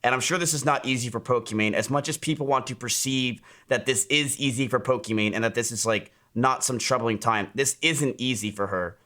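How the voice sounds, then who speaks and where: A man's voice: medium pitch, fairly quick, few pauses, sharp tone. Casual, rambling male streamer. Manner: casual, rambling, self-deprecating.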